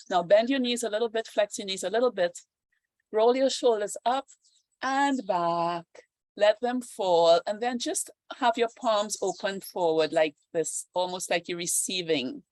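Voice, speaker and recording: A woman from the Caribbean leads a guided meditation at an unhurried, gentle pace. She speaks calmly and repeats affirmations as she guides, in a mid-pitched voice. The sound is close and dry, heard over a video call. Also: no echo. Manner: slow, calm guiding with repeated affirmations. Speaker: yoga and meditation teacher. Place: outdoors on a deck.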